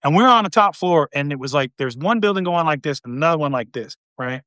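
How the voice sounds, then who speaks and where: A man's voice: fairly high pitch, expressive, quick pace, sharp tone, dry recording, clean studio sound. A man in his late forties hosting a casual chat, a Marine veteran telling rambling stories. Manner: rambling, lots of fillers and restarts.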